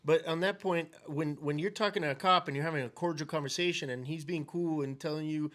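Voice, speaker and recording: Opinionated male guest, a bit high, punchy and emphatic. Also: fast talker, a bit bright. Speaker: guest, fellow activist. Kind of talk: casual conversation.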